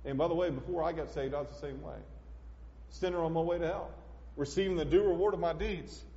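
A man preaching a sermon as pastor, emphatic, swinging between loud declarations and hushed asides. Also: a little high, fast talker. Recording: echoey hall, dull lo-fi sound.

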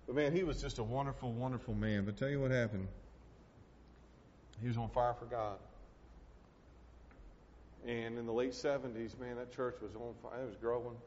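A man's voice: medium pitch, fairly even intonation, normal speed, long pauses, a little mellow, big-room sound, muffled recording, slight background noise. A man preaching a sermon from the pulpit, folksy and emotional, tossing in "man" and "hey" as he talks. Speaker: pastor. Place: church sanctuary.

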